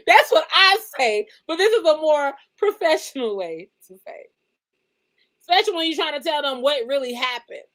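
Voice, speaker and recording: A woman chats in a relaxed, playful way and laughs often. Her voice sits high. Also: moderate pace, poor audio. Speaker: guest. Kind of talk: casual chat.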